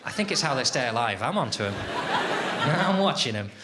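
A man performs stand-up at a comedy venue, switching into an exaggerated sing-song voice to mimic how he talks to his housemates. His mid-range voice swings widely in pitch at a brisk pace, and the live club recording is very noisy with loud audience laughter.

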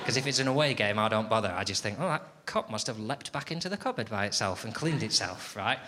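Performing stand-up in a comedy venue, a man with a lowish, expressive voice talks quickly, putting on an exaggerated sing-song tone to mimic how he speaks to his housemates. This live club recording has background noise and loud audience laughter.

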